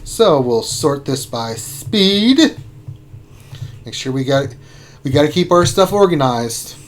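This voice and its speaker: A man hosting a casual gaming livestream, playful and excitable, teasing his co-host. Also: on the high side, slow, slight background noise.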